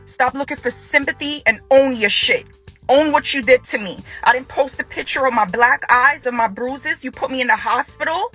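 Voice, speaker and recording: A woman's voice: high voice, moderate pace, bright, forceful tone, slightly rough, soft background music. A woman making an angry direct-to-camera statement to her ex-husband, confrontational and repeating phrases for emphasis. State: furious. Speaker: ex-wife speaking out.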